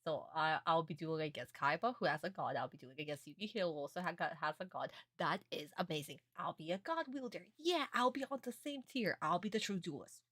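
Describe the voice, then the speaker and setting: Woman doing a bragging young duelist boy, excited boasting, lowish voice, dry close sound. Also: a little fast, hardly any pauses, no echo. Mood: boastful. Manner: excited, bragging mock-quote. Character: boastful young male duelist dreaming of fame.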